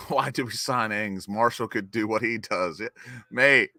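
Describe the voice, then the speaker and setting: A young man hosting a live football watch-along, greeting chat viewers by name and getting excited over the play. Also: fairly low pitch, measured pace, dry recording, clean studio sound. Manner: excitable, reads chat names and cheers goals.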